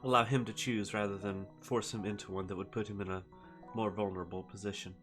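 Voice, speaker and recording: A man playing in a tabletop game, speaking in a measured way as he gives orders. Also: on the low side, little pitch movement, music in the background. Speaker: player. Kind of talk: in-character tabletop play.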